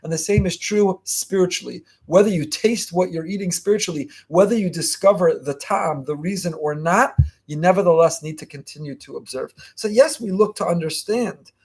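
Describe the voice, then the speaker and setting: A man giving a fast, emphatic Torah lesson as a rabbi, repeating key phrases. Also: high voice, a little mellow, slightly rough. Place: online class.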